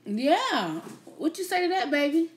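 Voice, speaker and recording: A woman's voice: high-pitched, sing-song, unhurried. A woman hosting a casual live stream, chatting playfully with her viewers, teasing them and laughing often.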